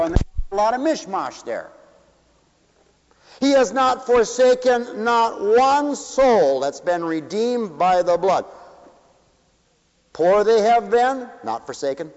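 A man preaching a sermon, swinging from loud declarations to hushed asides. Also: high voice, very animated. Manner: rapid asides to the audience. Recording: dull echoey hall recording.

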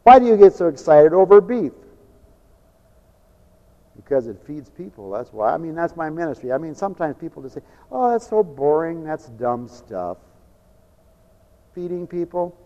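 A middle-aged man preaching a fiery sermon, swinging from loud shouts to quiet joking asides. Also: fairly high pitch, very animated, moderate pace, pauses often, in a large hall, lo-fi sound. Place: large church hall.

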